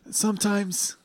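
A man's voice: sits high, husky, no room sound. A man playing a tabletop role-playing game, giving jokey mock-earnest speeches in character. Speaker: player.

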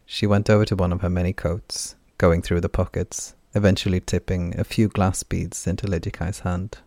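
A man narrating a fantasy audiobook in a calm, even storytelling manner. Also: low voice, normal speed, hardly any pauses, no room sound, studio quality.

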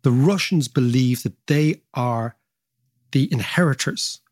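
A man's voice: medium pitch, takes it slowly, darkish tone, no room sound, clean studio sound. A man in his fifties co-hosting a podcast, telling long digressive stories in a lecturing, casual way. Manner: expansive, lecturing, digressive with asides. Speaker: podcast co-host. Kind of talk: casual chat, storytelling.

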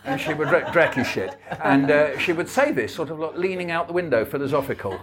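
A man's voice: medium pitch, animated, fast talker, hardly any pauses. A man, a guest author telling wry anecdotes at a book talk. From England.

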